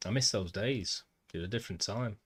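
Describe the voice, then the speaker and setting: A man's voice: fairly low pitch, brisk, breathy edge. Mancunian man chatting on a game stream. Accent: Northern English, Manchester. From Manchester, England. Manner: chatty, talks to chat, says "mate" often. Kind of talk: casual gameplay livestream chat.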